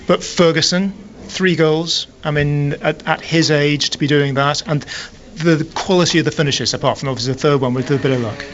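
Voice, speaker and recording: Higher-voiced male radio reporter. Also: fairly even intonation, fairly quick. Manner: direct, conversational questioning. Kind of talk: post-match interviewing. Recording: lo-fi radio broadcast.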